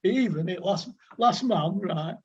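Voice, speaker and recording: Husky-voiced Lancashire man in his sixties. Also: sits high, expressive, a little slow, highs cut off. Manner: rambling and chatty, with dialect words and many fillers. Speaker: podcast guest, former cricketer. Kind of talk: anecdotal storytelling.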